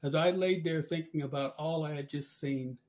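Man slowly reading a vision account. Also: on the high side, darkish tone. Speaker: religious channel narrator.

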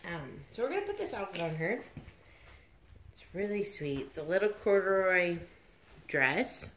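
A woman's voice: medium pitch, big pitch swings, moderate pace, a bit bright, slight background noise. A woman hosting a doll vlog, gushing and cooing over tiny outfits and cracking jokes. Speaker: reborn doll channel host. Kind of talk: casual vlog chat.

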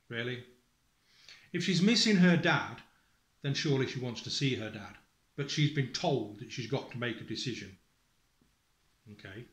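His voice is mid-range and a bit bright, echoing in a reverberant room. This angry, distressed father makes an emotional appeal directly to his family on camera, cursing and accusing, trailing off mid-sentence while reading out a school report.

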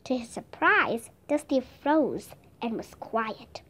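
A woman reading a children's chapter book aloud as a steady, careful narrator. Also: a little high, takes it slowly. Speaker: storybook reader. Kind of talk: scripted narration.

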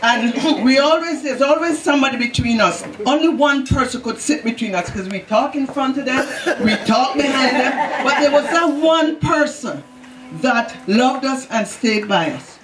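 A woman's voice: sits high, moderate pace. A woman in her eighties with a Jamaican accent, giving an affectionate birthday speech and laughing through her words. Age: 80s. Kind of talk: heartfelt party speech. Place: large echoey banquet hall. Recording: echoey hall, far mic, crowd noise.

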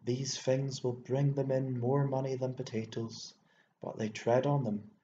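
A man voicing a fussy, excitable elderly bachelor landowner who rambles and exclaims, stammering when worked up, in an audiobook reading. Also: mid-range voice, measured pace, lightly acted. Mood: rambling. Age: older. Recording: echoey room, dull lo-fi sound, faint hiss.

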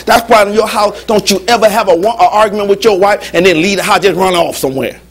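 A man preaching a lively, humorous sermon as pastor in a church, with call-and-response. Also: high voice, fast, few pauses. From United States.

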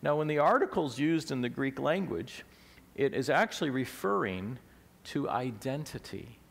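A man's voice: medium pitch, lively intonation, moderate pace, creaky, slightly rough, long reverb tail. A man preaching a teaching sermon to a congregation, explaining things step by step and asking them questions. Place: church sanctuary.

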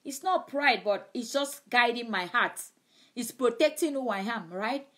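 Woman preacher, higher pitch, emphatic, repeats phrases, live-stream sermon. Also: lively intonation, measured pace, fairly bright tone.

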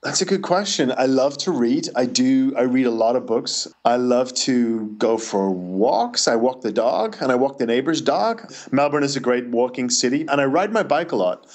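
A Northern Irish author answers questions in a casual interview, telling chatty anecdotes and restarting quickly as he goes. His voice has an ordinary middle pitch.

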